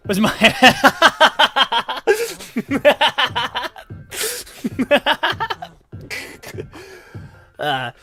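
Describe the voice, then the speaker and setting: A man's voice: mid-range voice, expressive, moderate pace, pushed and bright, soft background music. A young man streaming in character as a laid-back male skeleton fan character, casual, giggly and self-mocking. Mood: easygoing. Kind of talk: in-character livestream chat.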